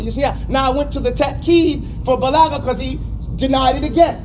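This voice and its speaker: A man teaching a class in a high-pitched voice. He speaks in an animated, stop-start way, drilling students with words to repeat. A faint hum runs in the background. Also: fairly quick. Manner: stammers and restarts often. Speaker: teacher of Quran exegesis class. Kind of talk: classroom lesson.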